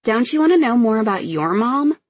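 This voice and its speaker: Audiobook: woman narrating a sarcastic teen girl, brighter and livelier than the narration, husky undertone. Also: fairly high pitch, very animated, fairly quick, dry recording, pitched above the performer's own voice.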